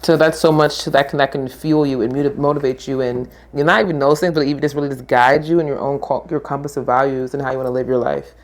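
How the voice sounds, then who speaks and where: A woman's voice: rumbling low, steady tone, quick pace, few pauses. A woman who works as a yoga therapist, chatting casually in a podcast conversation, rambling and laughing often as she trails off and restarts.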